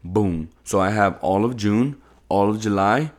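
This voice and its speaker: Laid-back young man, deep voice. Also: unhurried. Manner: laid-back, slangy, swears freely. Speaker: podcast co-host. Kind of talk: casual podcast chat.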